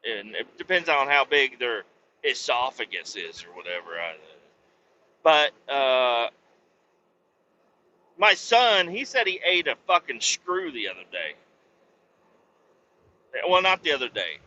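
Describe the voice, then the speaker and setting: A man's voice: mid-range voice, big pitch swings, slow pace, long pauses, dull audio, a little hiss or hum. A man in his thirties or forties hosting his own podcast from behind the wheel, rambling and swearing through every sentence over a headset mic. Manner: swears constantly, rants loudly. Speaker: podcast host. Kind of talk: profane rambling monologue. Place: driving a truck.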